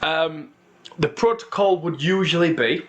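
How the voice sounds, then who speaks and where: A man, narrating a tabletop game as game master in a relaxed way. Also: a little high, measured pace, lo-fi sound. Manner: relaxed, full of fillers and restarts, wry asides.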